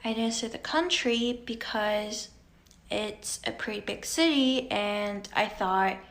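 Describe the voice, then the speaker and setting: Woman from Beijing, storyteller, unhurried and wry. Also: mid-range voice, fairly bright tone, slight background noise. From Beijing, China. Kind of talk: casual storytelling.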